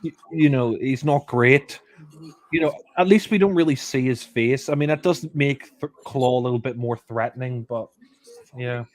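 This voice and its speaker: A man's voice: medium pitch, normal speed, no room sound. A man doing casual film commentary, blunt and offhand, often restarting sentences.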